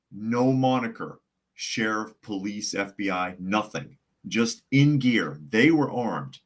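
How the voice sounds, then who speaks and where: A man hosting a live podcast, chatting casually, reading viewer comments aloud and telling long, rambling stories in which he acts out the other people's voices. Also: mid-range voice. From United States. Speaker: podcast host.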